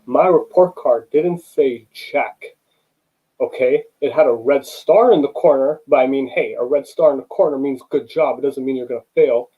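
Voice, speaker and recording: Husky young man telling a personal story. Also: medium pitch, moderate pace, phone-quality sound. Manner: conversational, repeats "you know" and acts out dialogue. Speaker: student speaker.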